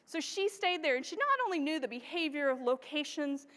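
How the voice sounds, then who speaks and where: High, bubbly woman on a stage. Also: a little fast. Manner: bubbly, excitable, laughs often. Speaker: photographer giving a stage presentation. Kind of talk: enthusiastic conference talk. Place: large event stage before a live audience. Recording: long hall reverb.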